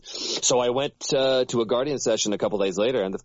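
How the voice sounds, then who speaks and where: Low-voiced middle-aged Canadian man, dry sound. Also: fast talker, dry recording, muffled recording. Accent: General American. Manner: relaxed storyteller, laughs often. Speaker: voice actor. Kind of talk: casual podcast chat.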